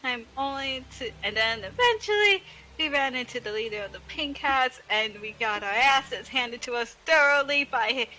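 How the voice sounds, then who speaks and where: A woman's voice: high voice, expressive, normal speed, pushed and bright, slight background noise, poor audio. A woman playing a tabletop game, rambling in character and sounding exasperated. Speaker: player. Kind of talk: in-character tabletop role-play.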